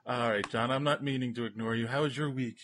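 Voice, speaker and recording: An older man hosting a podcast, who laughs often and talks in a halting, chatty way. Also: mid-range voice, fairly even intonation, a bit bright, a little hiss or hum. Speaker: podcast host. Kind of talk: casual chat.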